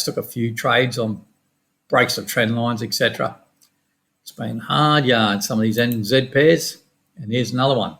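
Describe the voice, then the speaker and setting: Middle-aged Australian man, gravelly mid-pitched voice, relaxed and rapid trading-lesson patter. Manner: quick, casual, matter-of-fact with slang. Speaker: forex trading educator. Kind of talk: screen-share chart walkthrough.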